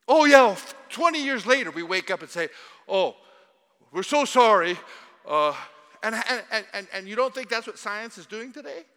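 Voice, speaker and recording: A man preaching a sermon in a church, animated, with mocking asides. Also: high voice, a little fast, in a large hall. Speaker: pastor.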